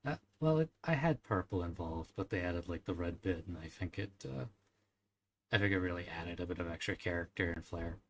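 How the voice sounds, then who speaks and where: A man's voice: low-pitched, expressive, fairly quick, slight background noise. Giggly rambling young male streamer. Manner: rambling, giggly, many fillers and small verbal tics. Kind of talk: casual chat with live chat.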